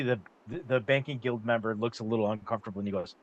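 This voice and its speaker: A man's voice: on the low side, fast talker, hardly any pauses, muffled recording. A man narrating a tabletop game as game master, talking casually with lots of fillers.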